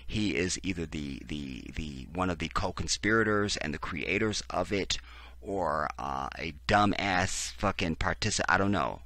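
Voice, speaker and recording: A man hosts a profane, sarcastic political commentary video, reading text aloud and breaking in with heated reactions. His low voice moves a little slowly, with a pushed, bright quality, and there's no echo on the recording.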